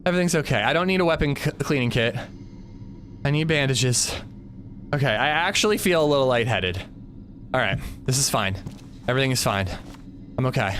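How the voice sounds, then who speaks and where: A man's voice: mid-range voice, animated, a little fast, pauses often, fairly bright tone. A man streaming a game live, nervously talking himself through a tense climb. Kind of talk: live gameplay commentary.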